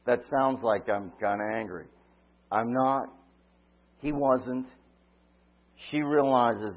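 A man preaching a sermon, retelling a story dramatically, swinging from loud cries to quiet asides. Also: mid-range voice, takes it slowly, long pauses. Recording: tinny phone-like line.

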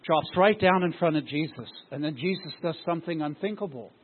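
A pastor with a high, slightly husky voice preaches to his congregation and keeps firing questions at them. The recording sounds thin and tinny, like it came over a phone line. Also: fairly quick. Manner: asks the congregation rhetorical questions. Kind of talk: sermon.

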